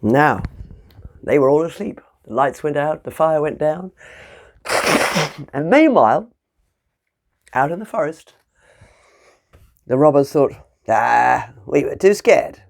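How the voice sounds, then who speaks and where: Animated woman telling a children's story. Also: sits low, slow pace, pauses often. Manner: animated and playful, with sound effects. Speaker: teacher.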